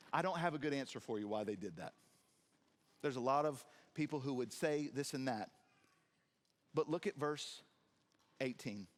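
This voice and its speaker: A man preaching a sermon in a church, animated and acting out scenes in different voices with jokes for the congregation. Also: medium pitch, moderate pace, pauses often. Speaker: pastor. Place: church sanctuary.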